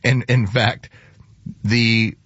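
A man's voice: mid-range voice, flat delivery, extremely slow, fairly bright tone, husky, dry recording, muffled recording. A man hosting a talk radio show, chatting and telling stories in an amused, easygoing way from a studio. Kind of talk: casual talk radio chat.

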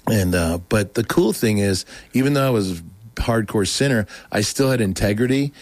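Middle-aged man, deep-ish, dry, animated storyteller who voices the people in his story. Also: normal speed, no echo. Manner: animated, acts out quotes in a raised voice. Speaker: guest telling his testimony. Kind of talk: casual storytelling.

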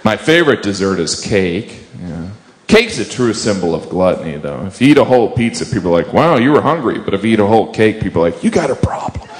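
A man's voice: deep voice, very animated, fast, hardly any pauses, reverberant. A man doing observational stand-up on stage, with a punchy delivery. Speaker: stand-up comedian. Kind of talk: stand-up routine. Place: comedy club stage. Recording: live recording with background noise.

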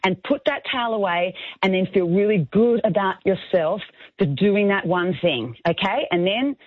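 A woman's voice: mid-range voice, expressive, moderate pace, no room sound. A woman from Australia, an author being interviewed on the radio, talking in an earnest, encouraging way in short phrases. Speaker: author guest. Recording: phone line.

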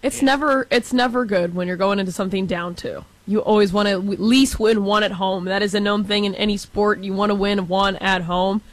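A woman in her twenties from Texas chats about sports in a frank, casual way, leaning on lots of fillers. Her voice is at an ordinary pitch, neither high nor low. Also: fairly even intonation, brisk, hardly any pauses, low-quality recording. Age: 20s. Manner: chatty, filler-heavy, frank.

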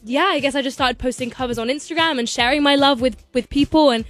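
Young woman, bubbly guest, gushing chatter in a high voice. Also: a bit bright, soft background music. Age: young adult. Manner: bubbly, gushing, fast-talking with many "like"s. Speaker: singer and actress guest. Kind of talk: bubbly casual interview chat.

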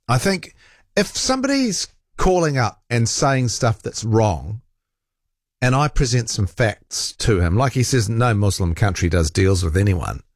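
Lively, low-voiced argumentative radio host. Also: male voice, dry recording, clean studio sound. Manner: argumentative, rambling and self-correcting. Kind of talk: casual radio talk, reading listener texts.

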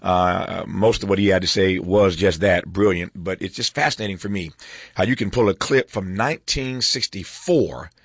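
Brief: male host at a studio desk, low voice, emphatic repetition, frequent laughs, dry sound. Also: normal speed, dry recording. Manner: reflective and emphatic, laughs often, repeats words for stress. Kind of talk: talk show commentary and interview.

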